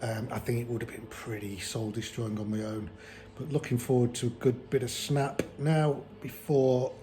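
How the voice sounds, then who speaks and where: Mellow-voiced man vlogging. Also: medium pitch, slight background noise, rough recording. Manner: rambling and relaxed, with many ums and restarts. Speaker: long-distance walker filming a trail diary. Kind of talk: casual vlog narration.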